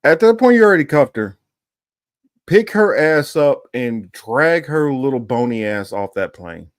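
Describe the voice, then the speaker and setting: Male commentator, drawling slow delivery, smooth clear voice, dry close mic. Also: medium pitch, very animated, no room sound. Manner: slangy, laid-back. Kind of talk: casual reaction commentary.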